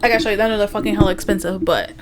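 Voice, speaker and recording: A woman's voice: medium pitch, steady tone, rapid-fire, over loud music. A woman co-hosting a podcast in casual chat, chatty, swearing casually and fumbling words. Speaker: podcast co-host. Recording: background noise.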